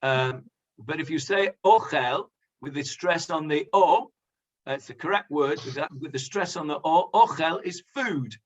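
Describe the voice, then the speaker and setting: A man, a rabbi, leading a conversational Bible class, pausing with many fillers and asking the class questions. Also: on the high side. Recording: dull lo-fi sound.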